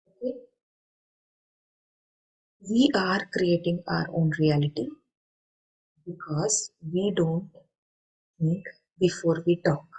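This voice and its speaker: Middle-aged woman, slightly low voice, earnest teacherly talk full of questions to listeners. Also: mellow, low-quality recording. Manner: earnest, explaining with everyday examples and rhetorical questions. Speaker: meditation speaker. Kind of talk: spoken talk to an online group.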